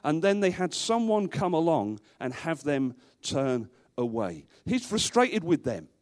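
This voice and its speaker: A man's voice: a little high, big pitch swings, a little slow, a little mellow. A male pastor preaching a sermon to a congregation in a church, emphatic, repeating rhetorical questions and dropping in dry humorous asides.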